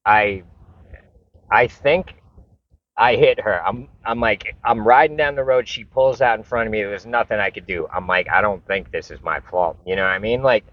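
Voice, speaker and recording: A man with a low voice tells a story straight to camera in a loose, rambling way, swearing freely and restarting his sentences. The recording sounds dull and lo-fi. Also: moderate pace. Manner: rambling, profane, repeats and restarts. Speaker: vlogger.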